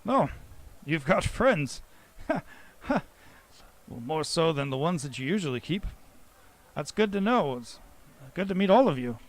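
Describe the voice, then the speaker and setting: A man voicing a gruff, teasing human father who is working on street lanterns. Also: on the high side, very animated, measured pace, pitched above the performer's own voice. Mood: jovial. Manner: teasing, blustery.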